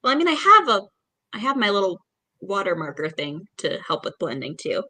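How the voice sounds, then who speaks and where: A woman's voice: medium pitch, big pitch swings, brisk, bright, forceful tone, no echo. A woman co-hosting a podcast, chatting casually with a playful, teasing manner. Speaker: podcast co-host. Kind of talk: casual chat.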